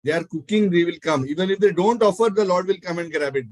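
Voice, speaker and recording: A man telling a devotional story in a talk, animated and acting out the characters. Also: sits high, quick pace, dry recording, rough recording. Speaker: spiritual speaker.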